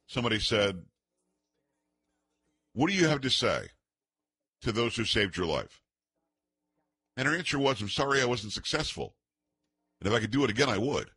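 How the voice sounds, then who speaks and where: A man's voice: medium pitch, pushed and bright, slightly rough, dry recording. A man hosting a call-in talk radio show, arguing emphatically and firing off rhetorical questions.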